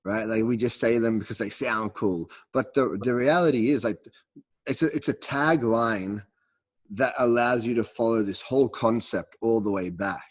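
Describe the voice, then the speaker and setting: Husky guy hosting a laid-back chat, keeps going yeah yeah. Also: medium pitch, moderate pace, dry recording. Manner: eager listener with frequent agreeing. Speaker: podcast host. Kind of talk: casual interview chat.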